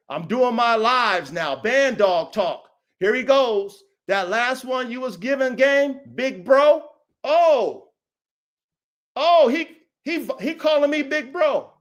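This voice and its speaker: Male podcast host, AAVE speech, very high voice, combative and repetitive, addressing a rival directly. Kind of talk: confrontational livestream call-out.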